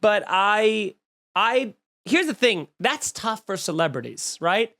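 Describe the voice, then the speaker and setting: A man's voice: sits high, very animated, slow pace, pushed and bright. A man hosting a comedy podcast, riffing in a snarky, profane monologue full of mock outrage. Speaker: podcast host.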